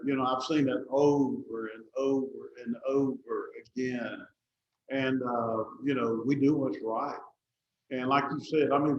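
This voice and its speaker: A man hosting a meeting over a video call in a halting way, full of "uh" fillers. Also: mid-range voice, echoey room, muffled recording, a little hiss or hum. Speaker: meeting host.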